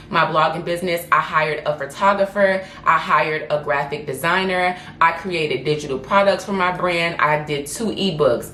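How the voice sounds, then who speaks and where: Low-voiced woman telling a candid personal story. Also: a bit bright, a little hiss or hum. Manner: candid, emotional, restarts often. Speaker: lifestyle blogger and influencer. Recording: echoey room with faint ambience.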